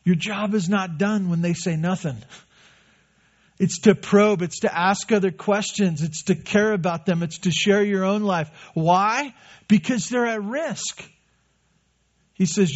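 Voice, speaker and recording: A man's voice: high voice, measured pace. A man preaching a sermon as pastor, earnest and conversational, often repeating a phrase for emphasis. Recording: dull lo-fi recording.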